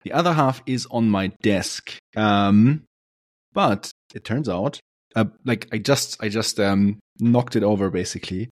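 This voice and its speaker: A man with a fairly low voice, chatting loosely as a podcast co-host. He laughs often and restarts his sentences a lot. The sound is close and dry, with no room echo. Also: unhurried. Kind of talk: casual chat.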